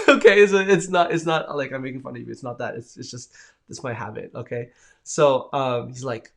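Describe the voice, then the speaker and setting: A man's voice: mid-range voice, normal speed, creaky. A man hosting a live stream in a casual, rambling chat, reading out viewer comments and answering them with enthusiasm.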